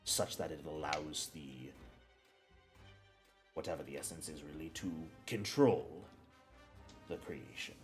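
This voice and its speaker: A man voicing a cagey adult male alchemist business owner who speaks in a measured, hedging, matter-of-fact way. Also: extremely low pitch, faint music behind, pitched below the performer's own voice. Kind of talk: in-character role-play.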